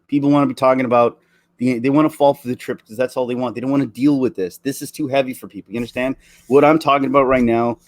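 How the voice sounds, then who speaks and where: A man in his forties delivering an earnest, emotional opinion rant, halting and restarting his sentences. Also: medium pitch, a little mellow, no room sound. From Canada. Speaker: vlogger.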